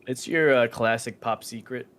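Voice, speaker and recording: A man's voice: mid-range voice, moderate pace, a bit bright. A man co-hosting a podcast, joking crudely and laughing in casual banter. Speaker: podcast co-host.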